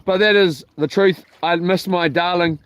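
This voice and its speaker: A man's voice: sits high, steady tone, moderate pace, a bit bright. A man chatting to camera while fishing from a boat, rambling and playful. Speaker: fishing vlogger. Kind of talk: casual chat to camera. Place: outdoors on a boat at sea.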